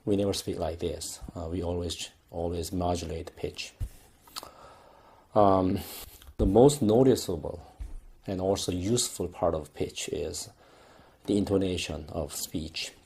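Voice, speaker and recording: A young man giving a recorded lecture, explaining slowly with frequent pauses and restarts. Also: sits low, creaky, mellow, husky.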